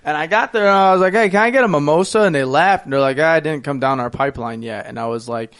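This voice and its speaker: A young man co-hosting a crude, casual podcast chat. He is loud and excitable, jumps high when worked up and laughs often. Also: fast talker, smooth.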